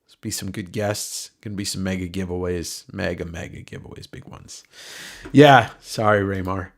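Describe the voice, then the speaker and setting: A deep-voiced man speaks at a moderate pace in a nasal tone while hosting a livestream giveaway. He talks casually, rambling and cracking jokes, and swears freely.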